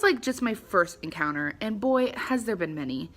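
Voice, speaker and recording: A young woman tells a story to her camera at home in a casual, gossipy way. She is animated and chatty and slips into little acted-out voices for the people she quotes. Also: mid-range voice, normal speed, few pauses. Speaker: vlogger. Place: her home, at a table by the front door.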